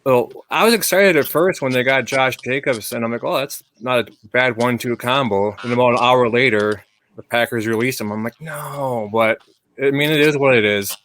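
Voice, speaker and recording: A man hosting a podcast, talking in a relaxed, conversational way. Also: mid-range voice, moderate pace. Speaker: podcast host. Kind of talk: casual chat.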